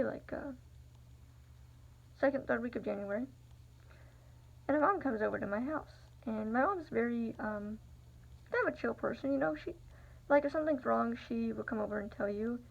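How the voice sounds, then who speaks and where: Gravelly young woman telling a story. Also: fairly high pitch, a little fast. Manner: rambling, filler-heavy, confiding. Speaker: vlogger. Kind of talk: personal storytelling. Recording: dull lo-fi recording.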